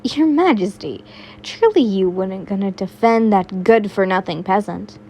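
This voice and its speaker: A woman's voice: medium pitch, animated, a little slow, warm tone, a little hiss or hum. Brief: scornful cruel noble, storybook villain, read by a woman in her own voice.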